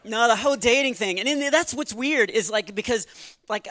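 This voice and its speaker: A middle-aged man doing stand-up comedy on a church stage, shifting between earnest testimony and playful jokes, with quick asides and laughs at his own lines. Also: extremely high pitch, sharp tone, no room sound. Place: church stage before a live audience.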